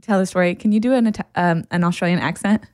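A woman's voice: fairly low pitch, fast, darkish tone, no echo, studio quality. A woman co-hosting a casual podcast, reacting with enthusiasm and playful banter. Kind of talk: casual chat.

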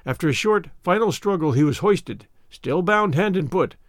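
Brief: male audiobook narrator, measured storytelling with lively pitch, dry recording. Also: no room sound. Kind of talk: scripted narration of a classic story.

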